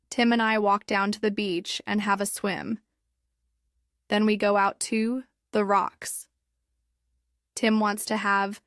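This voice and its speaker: Woman reading a simple english story super slow, clear, dead dry close mic. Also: mid-range voice, no room sound. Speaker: story narrator. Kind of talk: graded reader story narration.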